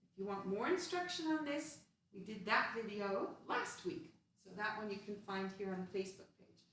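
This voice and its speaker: A woman's voice: mid-range voice, normal speed, fairly bright tone, distant mic. A woman teaching a playful children's movement lesson, guiding actions step by step in a sing-song way. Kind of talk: guided kids' movement lesson. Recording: very echoey room, voice off-mic, faint hiss.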